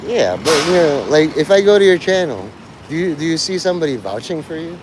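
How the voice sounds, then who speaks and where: A man's voice: a little high, big pitch swings, a little fast, background noise. A man chatting crudely and sardonically on a rambling live stream.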